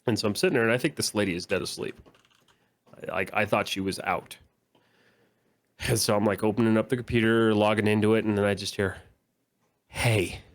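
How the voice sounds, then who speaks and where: A man with a lowish voice chats on a casual podcast recorded over a video call. He tells stories in a lively way, acts out the people in them and swears freely. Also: fast, pauses often. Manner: animated storyteller, acts out voices in quotes. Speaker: podcast co-host. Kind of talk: casual podcast chat, storytelling.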